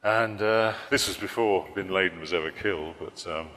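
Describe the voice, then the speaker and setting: Deep, bright-toned cartoonist in an echoing hall. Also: male voice, moderate pace. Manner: rambling, self-correcting, dry humor. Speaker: political cartoonist. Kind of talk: public talk.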